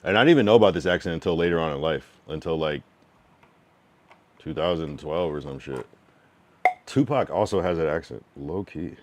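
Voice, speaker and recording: Streamer man from New England, low voice, casual and blunt, chats with viewers and reads their messages out. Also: animated, darkish tone, a little hiss or hum. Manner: frank, loose, reads chat messages aloud and answers them; drawn-out slang-filled musing with many fillers. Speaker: livestreamer giving feedback to chat. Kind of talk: casual livestream chat.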